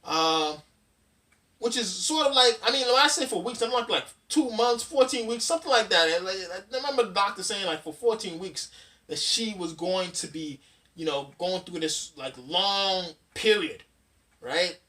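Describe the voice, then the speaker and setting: A man's voice: high-pitched, expressive, normal speed, sharp tone. A man in his thirties hosting a casual dad-advice vlog, rambling through a countdown list with plenty of fillers and restarts. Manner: rambling, chatty, with frequent fillers and loose restarts. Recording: voice somewhat distant from the mic.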